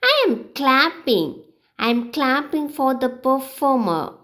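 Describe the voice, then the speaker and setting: A woman teaching beginners, reading short example sentences one by one in a slow, clear, sing-song way. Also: high voice, very animated, pushed and bright. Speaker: English teacher.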